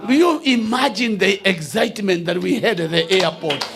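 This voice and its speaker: A man preaching a sermon as a bishop. He builds to shouted declarations and often repeats and restarts his words. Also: high-pitched, expressive, moderate pace, gravelly, few pauses.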